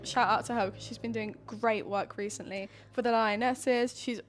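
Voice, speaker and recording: A young woman, co-hosting a relaxed podcast chat. Her voice sits a little high, and she talks in a chatty way, often dropping her level for quieter asides. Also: normal speed, a little hiss or hum. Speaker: podcast co-host. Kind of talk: casual chat.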